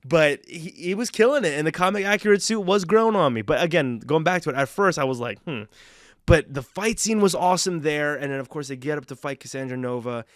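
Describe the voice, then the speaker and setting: A man's voice: on the high side, fast, few pauses, dry recording, studio quality. A young man giving a casual, rambling movie review, enthusiastic and full of fillers and restarts.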